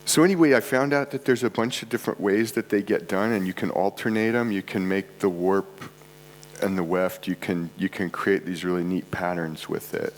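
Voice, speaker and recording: Speaking in a low-pitched voice over poor audio with a faint mains hum, a congested presenter gives a digressive, casual talk at a live conference event in an art club space. He drops offhand, self-deprecating asides as he goes.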